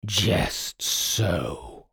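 A resigned spirit of smoke speaks low and unhurried, every word weighed, as a male narrator puts him on. The deep voice sounds strangely removed, a servant without malice. It comes from a storybook reading in a dry, close room. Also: very animated, creaky, pushed and bright, breathy edge, no echo, heavily acted. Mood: solemn. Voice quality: deep, slow and measured. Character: solemn smoky male djinn servant, resigned.

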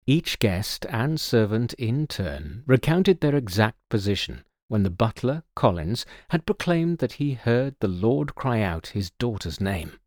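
A man narrating a mystery story in a scripted, expressive storytelling manner. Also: medium pitch, no echo, studio quality.

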